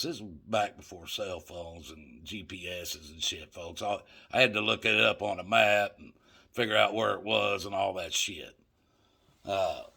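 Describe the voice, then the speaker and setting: Speaking straight to his audience and calling them folks, an older man spins a meandering story full of profanity. His lowish voice sounds gravelly, bright, and forceful.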